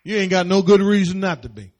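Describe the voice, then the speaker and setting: A male pastor preaching with a high, swooping voice that jumps all over his range. He repeats his phrases and works up to shouting at his congregation during a church service. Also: expressive, quick pace. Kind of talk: sermon.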